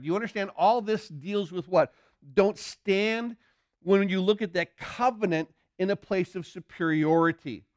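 A man preaching a sermon in an earnest, searching way. His voice is smooth and resonant and sits a little high for a man. The sound is dry and close, with no room echo. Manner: earnest, repeats words while building a point; reads scripture slowly and deliberately. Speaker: pastor.

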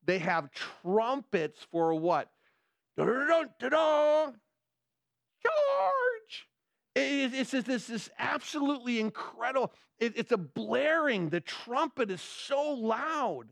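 A male pastor preaching a sermon, excitable and getting louder as he gets worked up, often restarting his words. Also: very high-pitched, measured pace, gravelly, few pauses, no echo, clean studio sound. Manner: excitable, gets loud when excited, many repeated restarts.

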